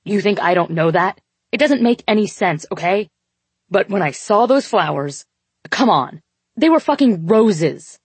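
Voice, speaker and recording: A woman voicing a flustered, defensive young man in an audiobook, babbling and shouting back in a panic. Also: deep voice, slow, long pauses, no echo. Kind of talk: audiobook dialogue.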